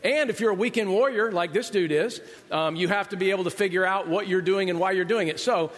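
A man's voice: high voice, fairly quick, fairly bright tone. A middle-aged man, the pastor, giving a sermon in a large church hall, telling conversational stories with self-deprecating humor. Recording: long reverb of a large hall.

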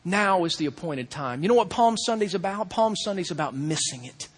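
A male pastor preaching in a fairly high voice. He drops to a hush, then climbs back to loud, urgent lines. A long hall reverb trails behind his words. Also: animated, brisk, breathy edge. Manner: preaching with big swings from hushed to loud. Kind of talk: sermon.

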